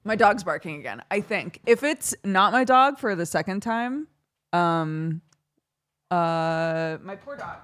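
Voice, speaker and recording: A woman's voice: fairly low pitch, slow pace, smooth. A young woman streamer chatting casually, telling a story with lots of laughter. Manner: giggly, animated storytelling with frequent laughter. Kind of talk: casual chat on a livestream.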